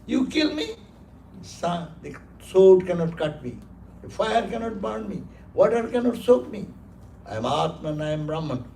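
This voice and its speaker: A man voicing a naked old hermit who fearlessly scorns a conqueror, speaking loud and proclaiming. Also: high-pitched, big pitch swings, measured pace, vocal fry, a little hiss or hum, full character voice. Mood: defiant. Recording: roomy hall, distant mic.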